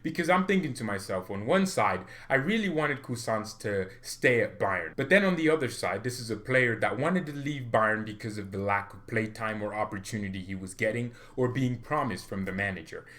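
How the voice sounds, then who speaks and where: A man vlogging as a football fan, ranting in a loud, playful, exaggerated way and jumping into comic asides. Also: on the low side, normal speed, few pauses. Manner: swings from mock-romantic murmur to loud excited ranting. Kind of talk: animated fan rant.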